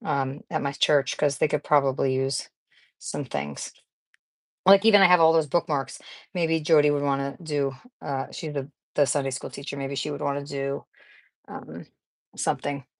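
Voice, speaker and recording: A woman's voice: low voice, no echo. A woman hosting a casual live craft chat, rambling and chatty as she sorts supplies, often laughing and greeting viewers by name. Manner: rambling, chatty, talks while fiddling with supplies. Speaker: craft channel host.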